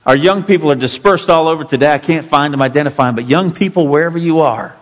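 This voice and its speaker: A male pastor preaching a sermon with dramatic, emphatic storytelling that drops suddenly to quiet. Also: on the high side, fast, long reverb tail, rough recording.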